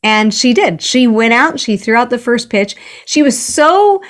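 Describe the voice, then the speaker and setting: A woman's voice: a little high, very animated, a little slow. An earnest woman author telling stories as a guest, often restarting her sentences. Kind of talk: conversational interview.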